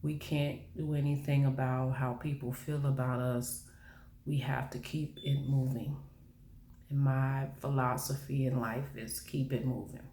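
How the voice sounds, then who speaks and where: A vlogger speaking earnestly and encouragingly, in a soft, halting way with many pauses. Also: mid-range voice, level tone, slight background noise. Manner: earnest, encouraging, faith-based; soft-spoken, halting with fillers. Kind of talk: earnest motivational monologue. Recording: roomy echo.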